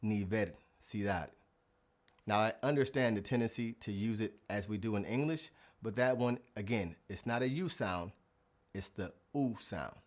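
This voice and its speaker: Male language teacher, lowish voice, scripted lesson delivery, slows down on example words. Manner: clear, deliberate, stretches out example words. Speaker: Spanish teacher.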